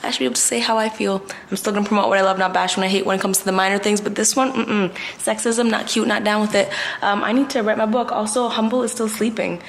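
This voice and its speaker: Twenties woman vlogger, casual to-camera rant, outspoken and slangy, middle-pitched, faint hiss behind. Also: fairly even intonation, fast, creaky. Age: 20s.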